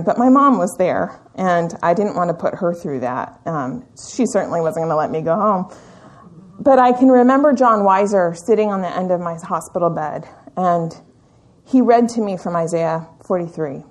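A woman teaching a Bible study in a church meeting room, speaking in an earnest, reflective and measured way with the occasional "um". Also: fairly low pitch, lively intonation.

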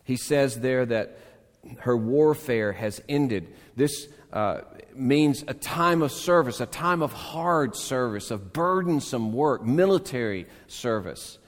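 Man preaching, slow and lively pitch, lingering church reverb. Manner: animated, swings between emphatic calls and hushed tenderness. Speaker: pastor. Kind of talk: sermon. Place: church sanctuary.

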